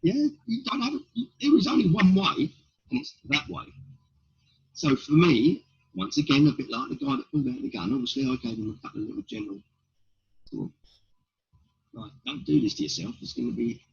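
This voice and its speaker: Telling blunt stories in an interview, this middle-aged comedian fires off rhetorical questions in a slightly high, very animated voice with vocal fry and a breathy edge. He keeps a moderate pace, pauses often, and sounds dull and lo-fi.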